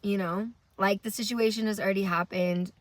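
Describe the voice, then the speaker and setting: A woman's voice: mid-range voice, fairly even intonation, a little fast, no room sound. A young woman, tired from little sleep, telling a rambling, profane story to camera in a casual vlog. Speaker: vlogger.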